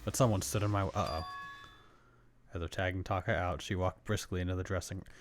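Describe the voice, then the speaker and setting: A man's voice: low-pitched, fairly even intonation, fast talker, faint music behind. A man streaming a game, casually reading its narration aloud in a plain way.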